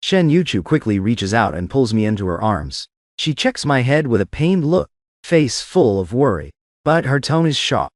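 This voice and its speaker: A man's voice: medium pitch, big pitch swings, normal speed, no echo, studio quality. A man narrating a first-person drama story in scripted narration style.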